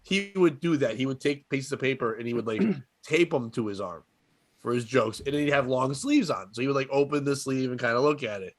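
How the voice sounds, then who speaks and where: A man's voice: mid-range voice, expressive, brisk, dry recording. A man hosting a casual comedy podcast, telling stories with lots of laughter. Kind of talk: casual chat.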